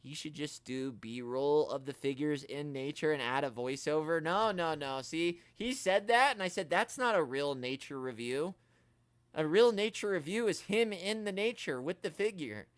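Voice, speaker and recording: A man hosting a casual toy-collecting livestream, chatting and ranting in a joking, animated way, quoting others in mock voices. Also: fairly high pitch, clean tone, no echo. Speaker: toy collecting channel host.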